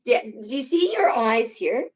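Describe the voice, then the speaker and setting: A woman giving live tarot readings on a stream, emphatic and excitable, swearing now and then. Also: on the high side, unhurried. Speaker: tarot reader.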